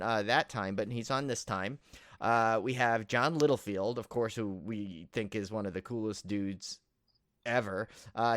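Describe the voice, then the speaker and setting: A man's voice: medium pitch, fairly bright tone, clear, resonant tone, no room sound, clean studio sound. A man co-hosting a podcast, rambling enthusiastically with frequent fillers and restarts. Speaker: podcast co-host. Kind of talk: casual chat.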